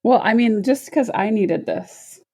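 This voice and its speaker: A woman's voice: on the high side, a little slow, dark tone, breathy edge. A woman co-hosting a podcast, chatting casually, teasing and asking questions, on a tiny clip mic while traveling. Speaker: podcast co-host. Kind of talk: casual chat. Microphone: tiny mic clipped to a cup.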